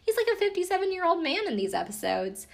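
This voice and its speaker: A woman's voice: very high-pitched, very animated, quick pace, gravelly. A woman casually recapping a reality TV episode, chatty and profane, with lots of fillers and asides. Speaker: podcast recapper.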